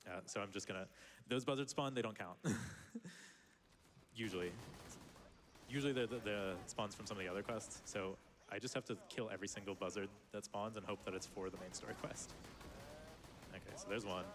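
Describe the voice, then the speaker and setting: A man's voice: lowish voice, normal speed. A man giving casual live commentary on his speedrun, explaining as he plays and laughing often.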